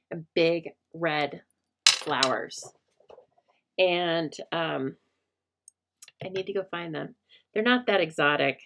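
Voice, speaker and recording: Gravelly low-voiced woman hosting a craft stream. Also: unhurried, pauses often, a bit bright. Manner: chatty and rambling, talks to viewers by name; self-deprecating. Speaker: rubber stamp crafting host. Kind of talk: casual live-stream craft chat.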